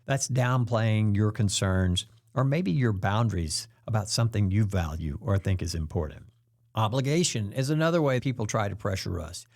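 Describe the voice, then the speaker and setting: A man hosting a self-help talk, explaining things in a calm way and acting out the quoted pressure lines. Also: on the low side, moderate pace. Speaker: host.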